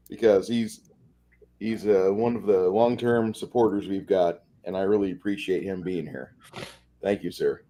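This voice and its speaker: A man's voice: sits low, fairly even intonation, normal speed, warm tone, slight background noise. A man co-hosting a casual stream, rambling in a friendly way and often repeating his words. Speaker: co-host.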